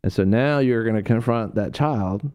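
A man with a low, warm voice preaches on a radio talk show. He tells stories in a loose, rambling way, full of fillers and restarts, and jumps into a high voice to act out the people he quotes. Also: moderate pace, clean tone.

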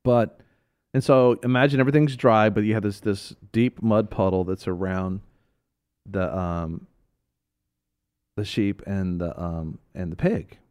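A man with a fairly low voice co-hosting a Christian talk show. He teaches through casual, animated stories and often breaks into laughter. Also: measured pace, clear, resonant tone. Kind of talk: casual Bible teaching chat.

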